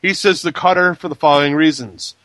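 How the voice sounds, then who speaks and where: Bright, dry-sounding male co-host. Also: a little high, a little fast, dry recording. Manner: laid-back, crude humor. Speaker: podcast co-host. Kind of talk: casual podcast chat.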